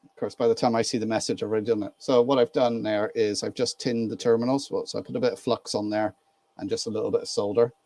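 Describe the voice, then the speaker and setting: Chatty, low-voiced Irish man live-streaming. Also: fairly even intonation, quick pace, darkish tone, no room sound. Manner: chatty, laughs easily, greets viewers by name. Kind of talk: casual live-stream chat while doing model train work.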